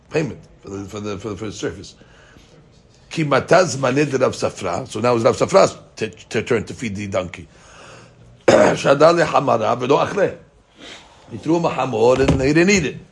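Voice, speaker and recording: Male Talmud teacher, animated storyteller, mid-range voice, mixes Hebrew and Aramaic. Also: medium pitch. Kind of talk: daily Talmud class.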